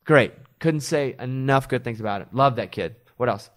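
A middle-aged man hosting a radio show, telling stories in a loose, animated way. He slips into other people's voices when he quotes them, in a middle-range pitch. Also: moderate pace. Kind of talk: casual chat.

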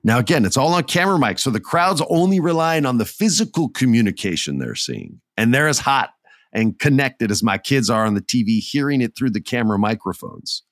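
A man casually and excitedly retelling a wrestling match, acting out scenes as he goes. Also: medium pitch, brisk, no room sound, studio quality. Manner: excitable, acts out scenes, many restarts. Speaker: wrestling recap commentator. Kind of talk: casual storytelling recap.

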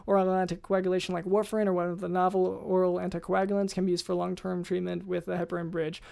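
A co-host rapidly reading a medical lesson on a podcast, with frequent fillers. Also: mid-range voice, little pitch movement, creaky, a little mellow.

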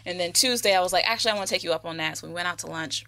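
A woman's voice: on the low side, racing, sharp tone. A woman co-hosting a podcast, telling an emotional personal story casually and with some swearing.

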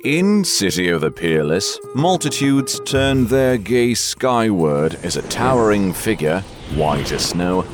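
A man narrating a martial arts novel as an audiobook in an expressive storytelling manner. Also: fairly low pitch, takes it slowly, hardly any pauses, music in the background.

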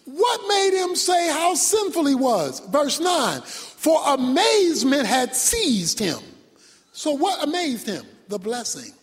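A male pastor preaching a sermon, emphatic, swinging from shouted points to quiet low asides. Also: big pitch swings, slow. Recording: long reverb from a large hall.

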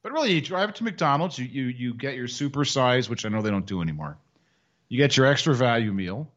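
A man's voice: mid-range voice, expressive, brisk, a bit bright, highs cut off. A man co-hosting a casual sports podcast, wry and joking, often slipping into mock voices. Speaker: podcast co-host.

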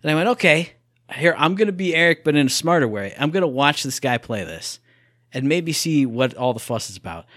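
A young man co-hosting a casual gaming podcast, talking in an animated, playful way. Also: fairly high pitch, a little fast, no room sound, studio quality. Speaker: podcast co-host.

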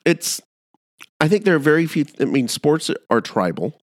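A man chatting on a podcast, animated and rambling, often restarting his sentences. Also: a little high, moderate pace, no room sound, studio quality. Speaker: podcast co-host. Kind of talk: casual podcast chat.

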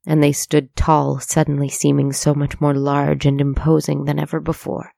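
A storyteller giving steady scripted narration of a dark tale. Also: medium pitch, moderate pace, creaky, no echo, studio quality.

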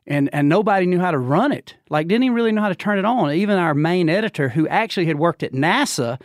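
A man's voice: quick pace, dry recording, studio quality. A man in his fifties from Georgia with a Southern drawl, telling a long story as a podcast guest and acting out the voices in it. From Georgia, USA. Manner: animated storyteller who acts out quotes with big pitch jumps and laughs. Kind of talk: casual storytelling chat.

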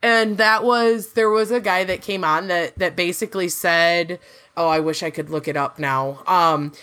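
A woman hosting a casual podcast chat, talkative and quick to laugh, often restarting her sentences. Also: fairly low pitch, fairly even intonation, a bit bright, smooth. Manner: chatty, laughs easily, rambling restarts. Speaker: podcast host; works in farm market analysis.

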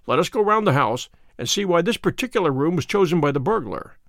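A man reading an audiobook, voicing a calm, authoritative detective with a measured manner. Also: fairly high pitch, dry recording, clean studio sound. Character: sharp, commanding male detective, calm and cryptic.

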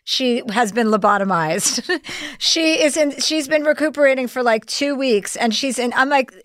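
A woman's voice: sits high, normal speed, no echo, studio quality. A middle-aged woman telling blunt, profane comic stories in a casual chat. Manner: blunt, profane, animated storyteller.

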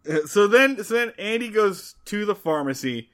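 A man co-hosting a casual podcast recap, retelling the plot in a wry, animated and blunt way. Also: high voice, normal speed. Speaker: podcast co-host.

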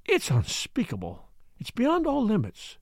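A headstrong young heiress in an audiobook, pleading and indignant by turns, put on by a man reading. Her voice sits high and swings widely. It sounds close and dry. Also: wildly swooping pitch, normal speed, darkish tone, no echo, exaggerated voice. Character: young wealthy woman, headstrong and upset.

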